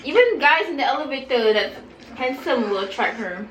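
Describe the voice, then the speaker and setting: Young woman, lively up-and-down voice, teasing and laughing a lot; echoey room. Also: sits high, normal speed. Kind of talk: casual chat over a meal. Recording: echoey room with faint noise.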